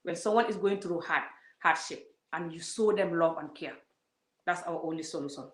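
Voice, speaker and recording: A woman's voice: lowish voice, normal speed. Emphatic woman in an echoey room. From Gambia. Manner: emphatic, preachy, repeats words and asks rhetorical questions. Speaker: vlogger. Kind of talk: opinionated vlog monologue. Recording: roomy echo.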